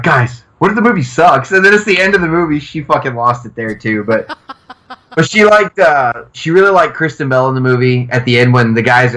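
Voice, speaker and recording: A man's voice: medium pitch, sharp tone, poor audio. A man co-hosting a casual podcast, telling stories animatedly, swearing freely and acting out quotes. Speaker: podcast co-host.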